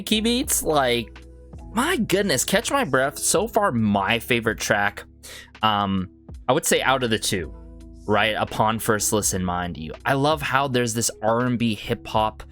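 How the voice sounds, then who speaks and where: A man's voice: lowish voice, fairly bright tone. A man hosting a K-pop reaction video, talking with enthusiasm and often checking in with the listener with "right?" and "you know what I'm saying?". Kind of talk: casual music reaction commentary. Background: faint music from the video being reviewed.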